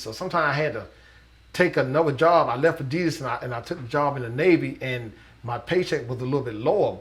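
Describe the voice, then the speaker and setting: A middle-aged man, a business owner, talking thoughtfully in an interview, earnest, with hesitant restarts. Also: mid-range voice. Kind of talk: reflective interview talk.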